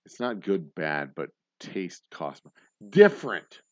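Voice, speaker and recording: Guy on a livestream, a bit slurred, talks fast, dull dry audio. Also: low voice, big pitch swings, no room sound. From Texas. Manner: fast-talking, rambling. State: tipsy, slurring. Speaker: livestream host. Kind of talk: casual livestream chat.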